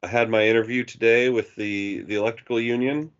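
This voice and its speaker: A man's voice: medium pitch, fairly even intonation, a little fast, clear, resonant tone, highs cut off. A man hosting his own podcast in casual chat, playful and joking. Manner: playful, breaks into silly voices. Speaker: podcast host.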